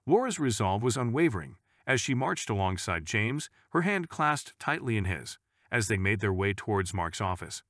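A male narrator reading a scripted story, measured and even in manner. His voice is low but moves through a lively range of pitch, and the recording is dry and close with no room sound. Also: dry recording.

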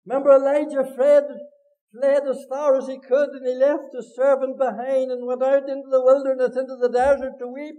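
A man with a Northern Irish accent, preaching a sermon as pastor, swinging between loud cries and hushed low lines. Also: little pitch movement, a little fast, poor audio. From Northern Ireland. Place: church meeting hall.

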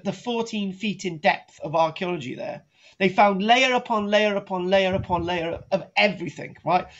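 A man's voice: high-pitched, fairly bright tone. Male lecturer, comic and rambling, repetitive, muffled lo-fi recording. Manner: rambling, repetitive, keeps asking "right?". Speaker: archaeology teacher. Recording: dull lo-fi sound.

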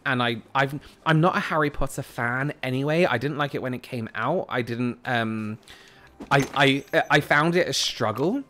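A man's voice: mid-range voice, fairly bright tone. A man from the United Kingdom streaming a game, chatting casually and answering viewer comments as he plays. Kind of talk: casual live-stream chat.

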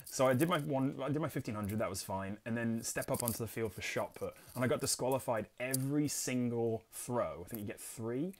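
With hardly any pauses, a young man from England talks fairly quickly at a medium pitch. Hosting his board game channel, he reads rules aloud and casually, self-deprecatingly discusses his solo play.

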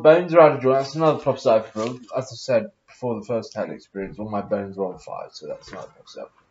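A man talks on his own in an exaggerated, put-on posh accent, drifting between reading verses aloud, making offhand remarks and humming to himself. His voice sits at an ordinary middle pitch. The recording is dull and lo-fi, with the highs rolled off. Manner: reads scripture aloud in between rambling comments and humming. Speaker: vlogger. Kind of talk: rambling solo monologue.

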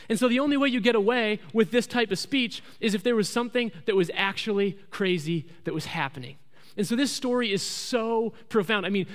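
Male pastor preaching in church, high voice, jokey storytelling, big echoey hall. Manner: animated storytelling, jokey asides. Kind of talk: sermon. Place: church sanctuary. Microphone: handheld microphone.

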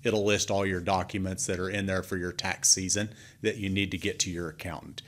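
A man who works as a financial advisor, giving his clients a relaxed, conversational update with a few fillers. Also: deep voice, a little fast. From Oklahoma, US.

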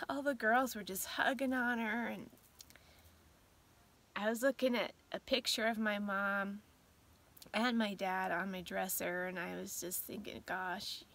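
A woman's voice: mid-range voice, fairly even intonation, unhurried, long pauses. A middle-aged woman chatting casually to her vlog viewers at night, emotional and tired, often dropping into a near-whisper. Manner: emotional, soft-spoken, drifts into whispers. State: teary and tired at bedtime. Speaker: vlogger.

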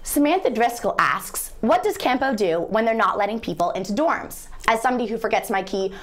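A woman's voice: on the high side, lively intonation, a little fast. A young woman co-presenting a scripted student TV segment, reading out viewer tweets. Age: young adult. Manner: bright, reads viewer tweets.

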